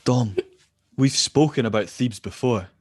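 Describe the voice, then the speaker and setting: A man voicing a grandiose, stubborn male kobold adventurer, speaking insistently with dramatic pauses, close and dry. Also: medium pitch, no room sound, lightly acted.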